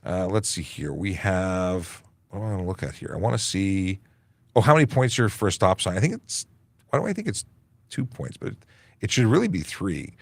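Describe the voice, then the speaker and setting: A man's voice: low-pitched, big pitch swings, a little fast, creaky, no echo. A man, a police constable, hosting a casual livestream Q&A, reading viewer comments aloud and joking with many fillers. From Canada. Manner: chatty, jokey, reads chat aloud with many fillers.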